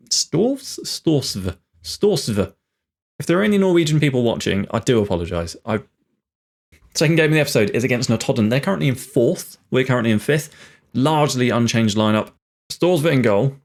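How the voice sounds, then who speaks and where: A young man thinking aloud and commentating live on his own game, chatty and bursting into excitement at goals. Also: medium pitch. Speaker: gaming channel host.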